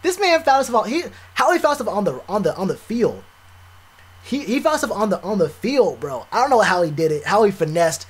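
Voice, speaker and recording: Animated young man with a high voice. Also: fairly quick, breathy edge. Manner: animated, repeats himself, casual slang. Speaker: streamer. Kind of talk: live stream reaction chat.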